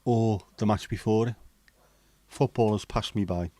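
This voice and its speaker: Middle-aged man, casual livestream chat, blunt and sweary, deep-ish voice. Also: steady tone, measured pace, dark tone, no echo. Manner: chatty, blunt, swears freely. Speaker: livestream host. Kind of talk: casual chat reading out viewer comments.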